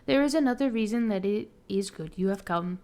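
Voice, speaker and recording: A woman reading the lines of a calm, polite robot construct servant in her own plain, even reading voice. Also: medium pitch, brisk, lightly acted. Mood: courteous.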